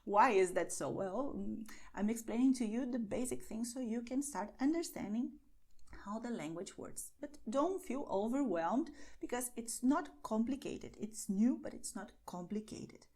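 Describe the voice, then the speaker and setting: Patient woman teaching Spanish, mellow voice. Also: on the high side, lively intonation, measured pace. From Spain. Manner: patient, reassuring, often adds "okay?". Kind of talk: online language lesson.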